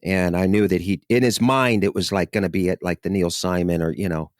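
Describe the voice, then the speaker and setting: Deep-voiced man telling rambling stories. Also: fairly even intonation, a little fast, no room sound, clean studio sound. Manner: rambling anecdotes with acted-out quotes. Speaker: podcast co-host. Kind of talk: casual storytelling chat.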